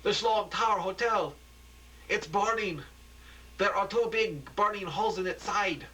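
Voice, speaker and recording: A frantic male TV field reporter, read out by a man, breathless and climbing toward a shout. The voice sits high and bright, with a tense edge to it. It sounds like an amateur radio play. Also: normal speed, a little hiss or hum, rough recording. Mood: horrified. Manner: breathless, rising to near-shouting.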